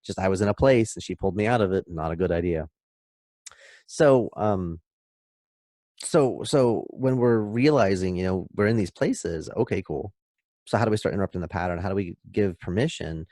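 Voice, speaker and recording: Low-voiced man, emphatic talker. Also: moderate pace, no echo, clean studio sound. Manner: emphatic and animated, acts out scenes. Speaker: podcast guest. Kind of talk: casual podcast talk, explaining.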